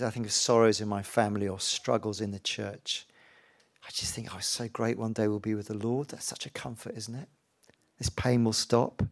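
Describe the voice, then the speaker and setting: Male pastor delivering a heartfelt sermon in a church, mid-pitched voice, pastoral and tender, drawing the listeners in with questions. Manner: warm, emotional, pastoral, often asks the congregation "isn't it?".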